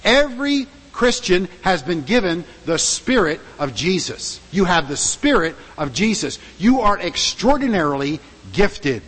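A very animated male pastor preaches emphatically and unhurriedly, his voice a bit bright as he poses rhetorical questions to the congregation. The tone is high and husky with wide pitch sweeps, and lengthy reverb rings out after each phrase in the sanctuary.

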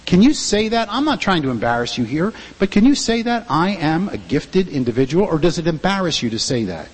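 Firing rhetorical questions at the congregation, this male pastor delivers his emphatic sermon a little fast. He has a high, husky voice that leaps through enormous pitch swings, and each line echoes with long reverb through the sanctuary.

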